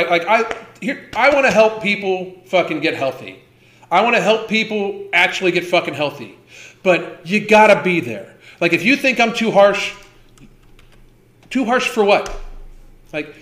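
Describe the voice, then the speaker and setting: A man's voice: high voice, a bit bright, echoey room. A man in his fifties hosting a livestream, ranting with heavy swearing and emphatic repetition. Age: 50s. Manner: profane, heated, emphatic repetition. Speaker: host.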